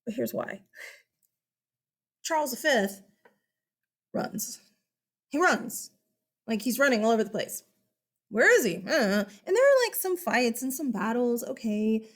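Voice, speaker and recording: A woman's voice: on the high side, big pitch swings, measured pace, pauses often. A woman teaching a history lesson in a casual, chatty way, asking rhetorical questions and calling her listeners guys. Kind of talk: casual classroom lecture.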